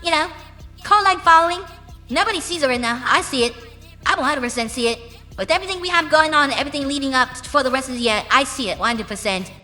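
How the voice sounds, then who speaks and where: A woman's voice: high voice, expressive, quick pace, pushed and bright. A young adult woman musician answering interview questions in a blunt, boastful, profane way. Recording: reverberant with background music.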